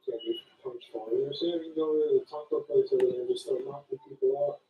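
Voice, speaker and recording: A man's voice: medium pitch, fairly even intonation, fairly quick, phone-quality sound. A man streaming from a crowded public place, talking offhand and muttering to himself. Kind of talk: casual live commentary. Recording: echoey, distant from the mic.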